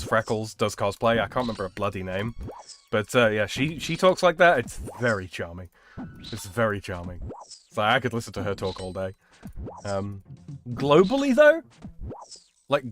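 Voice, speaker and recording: A man hosts a relaxed game stream with a voice of ordinary pitch. He rambles through his opinions and often stops to restart a sentence. Faint music plays behind him. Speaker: streamer host. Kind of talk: casual chat while gaming.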